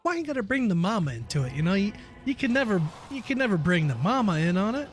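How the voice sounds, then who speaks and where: A man's voice: sits high, sing-song, fast talker, slight background noise. A man streaming a game, chatting casually and laughing through rambling, profane stories. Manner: rambling, laughing storyteller who swears freely. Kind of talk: casual live-stream chat.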